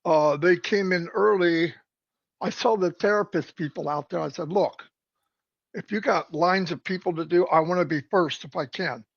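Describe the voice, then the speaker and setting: A man's voice: sits high, moderate pace, gravelly, dry recording. Dry-humored man on dull remote audio. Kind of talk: casual live-stream chat.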